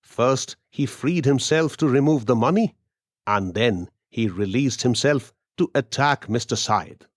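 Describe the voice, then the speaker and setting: A man's voice: mid-range voice, expressive, measured pace, no echo, studio quality. A man voicing a frustrated businessman who turns defensive and bitter toward his wife. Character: harsh, frustrated businessman husband.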